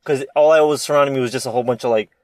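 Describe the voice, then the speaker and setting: Fast-talking young man rambling. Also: mid-range voice, fairly even intonation, a little mellow, no room sound. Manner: rambling, many restarts and fillers, profane. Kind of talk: casual chat among friends.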